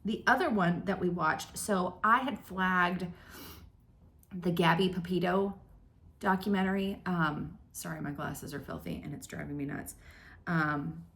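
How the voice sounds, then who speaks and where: A woman's voice: lowish voice, a little slow, fairly bright tone. Chatty woman in her thirties. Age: 30s. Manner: chatty, rambling, self-deprecating with many ums. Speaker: flosstube host. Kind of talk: casual chat to camera. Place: home craft room.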